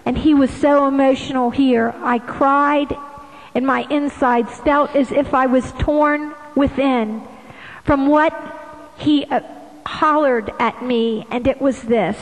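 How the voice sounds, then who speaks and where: A woman with a high voice speaks slowly and fervently as she gives a devotional testimony. Her words carry emotion. A long hall reverb trails after her. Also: steady tone. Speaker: speaker sharing devotional messages.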